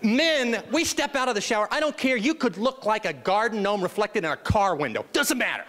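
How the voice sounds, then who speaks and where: A man's voice: high voice, brisk. A man giving a humorous motivational keynote, telling comic stories to an audience. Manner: animated comic storyteller. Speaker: motivational speaker.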